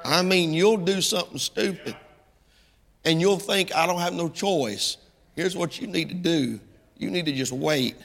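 Middle-aged male preacher, high and gravelly, bright-edged, folksy sermon that builds to impassioned peaks, long hall reverb. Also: measured pace.

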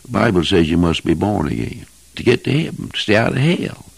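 An older man preaching a fervent old-time sermon, emphatic and husky, with King James phrasing. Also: fairly low pitch, lively intonation, brisk, dry recording. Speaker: evangelist preacher.

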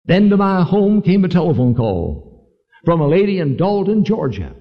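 A male preacher tells his story with fervent earnestness and moves into a pleading invitation to his congregation. His voice sits fairly high and swings widely in pitch. The live recording is dull and lo-fi, with a long reverb from a large hall. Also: very animated, normal speed. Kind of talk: sermon with storytelling and altar call. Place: large church meeting hall.

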